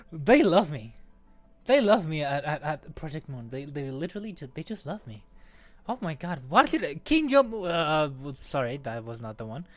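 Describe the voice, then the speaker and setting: A woman streaming a game, chatting excitedly while pulling for rewards, squealing and laughing at good results and muttering when they are bad. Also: low voice, moderate pace, soft background music. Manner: squealing bursts of excitement, then deflated mumbling. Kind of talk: excited gacha-pull stream chat.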